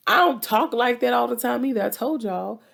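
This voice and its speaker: A woman's voice: fairly high pitch, moderate pace, creaky, a bit bright. A woman with a Southern US accent hosting a relationship advice talk, speaking directly and repeating points for emphasis. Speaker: relationship advice podcast host.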